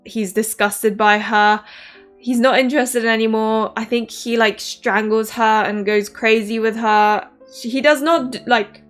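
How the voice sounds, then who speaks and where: A woman's voice: a little high, unhurried, soft background music. Chatty woman rambling through a book review. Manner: rambling, filler-heavy, animated retelling.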